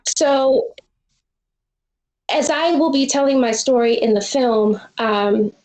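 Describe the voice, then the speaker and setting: A woman's voice: high-pitched, slow, darkish tone, reverberant, rough recording. Earnest woman telling a personal story. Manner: earnest, reflective, acts out quoted dialogue. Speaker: guest filmmaker.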